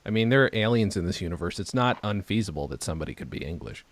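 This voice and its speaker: A man hosting a casual podcast conversation, his low voice rising and falling with lively swings. He sounds eager and enthusiastic. The sound is dry and close. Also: fast, no echo. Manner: eager listener, laughs often, enthusiastic asides. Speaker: podcast host. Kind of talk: casual chat.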